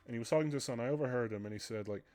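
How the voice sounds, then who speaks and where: A male streamer talks through a just-chatting stream in an earnest, rambling way. He often stops mid-phrase and starts over. His voice sits at an ordinary middle pitch. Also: rapid-fire, darkish tone.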